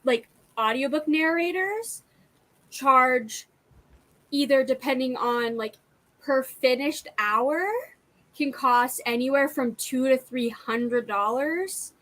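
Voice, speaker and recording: Woman cohost, kinda high voice, rambly casual talk with lots of likes. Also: takes it slowly, a bit bright, low-quality recording. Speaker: livestream co-host, author. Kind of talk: casual chat.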